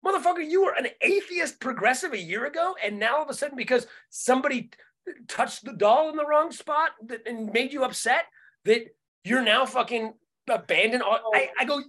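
A man's voice: extremely high pitch, a little fast, fairly bright tone. Profane, ranting male podcast host. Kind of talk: casual podcast chat.

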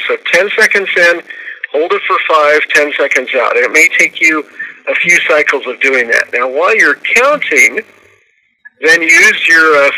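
A man on a radio talk show, walking listeners through a routine step by step and counting aloud. His voice sits a bit high and rings very bright and forceful. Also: poor audio. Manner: explains step by step, counting out loud.

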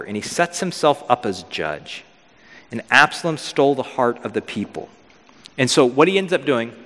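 A man preaching a casual, storytelling sermon as pastor, lively and acting out figures in modern slang. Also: medium pitch. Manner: animated, acts out biblical figures with modern slang. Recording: long hall reverb.

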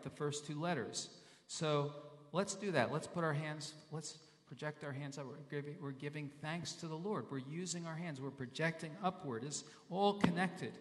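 A man's voice: fairly high pitch, a bit bright. A male pastor giving a sermon in a conversational way, repeating phrases and sounding out Hebrew and Greek words. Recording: long reverb in a large hall.

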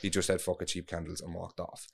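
A man's voice: sits low, completely flat delivery, fast talker, creaky, breathy edge. An Irish man telling a long story in casual chat, rambling, swearing freely and restarting his sentences.

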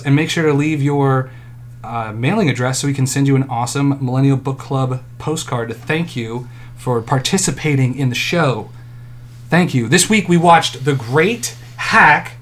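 A man co-hosting a podcast, talking loosely and rambling, swearing casually. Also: mid-range voice. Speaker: podcast co-host.

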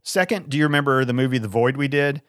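A man's voice: mid-range voice, quick pace, a bit bright, no room sound, studio quality. A middle-aged man co-hosting a casual podcast with his son, rambling and tripping over repeated words. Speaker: podcast co-host, father. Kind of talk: casual chat.

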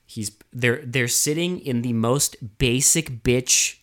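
A man's voice: medium pitch, slow pace, a bit bright. A man co-hosting a casual movie review podcast, exasperated and rambling, with frequent swearing. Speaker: podcast co-host.

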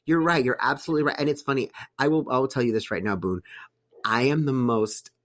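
A man in casual podcast talk, animated and chatty, who calls people honey. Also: medium pitch, fast talker. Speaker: podcast guest, host of his own show. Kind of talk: casual chat. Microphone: studio mic.

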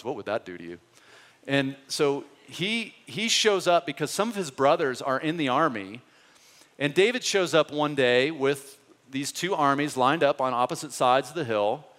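A male pastor giving a sermon, telling the story in an animated, conversational way. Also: medium pitch. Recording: long hall reverb.

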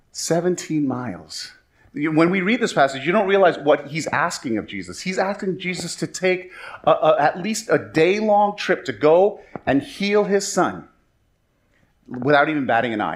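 A man in his forties preaching a sermon as pastor, telling stories in a conversational, self-deprecating way. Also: on the high side.

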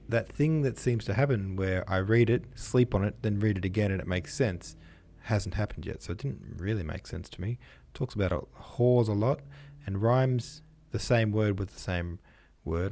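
A man's voice: fairly low pitch, gravelly, darkish tone. A man hosting a casual solo podcast, chatting in a self-deprecating way and thinking aloud. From Australia. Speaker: podcast host.

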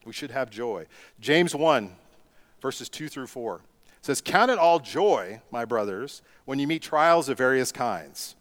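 Man preaching with emphatic rhetorical questions. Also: medium pitch. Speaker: pastor. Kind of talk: sermon.

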